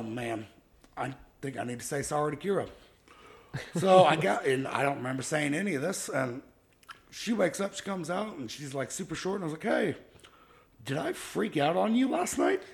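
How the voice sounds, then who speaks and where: A man in his thirties, a podcast co-host telling a story in casual chat, animated and laughing, acting out quotes loudly. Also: a little high, normal speed. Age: 30s.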